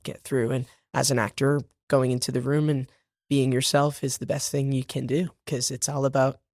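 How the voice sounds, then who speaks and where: A casual interview features a young stage actor from Boston, USA, who has a slight Boston accent and laughs often while using fillers and restarts. His mid-range voice is level and a little mellow, at normal speed. The recording is dry and clean, studio quality.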